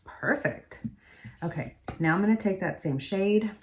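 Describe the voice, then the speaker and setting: A woman's voice: mid-range voice, expressive, measured pace. A woman beauty vlogger chatting casually as she does her makeup in a tutorial. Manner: chatty, talks while doing makeup.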